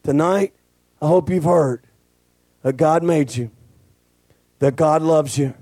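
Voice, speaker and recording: A male pastor, preaching a folksy, joking sermon that swells into shouting. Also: fairly high pitch, slow, no room sound.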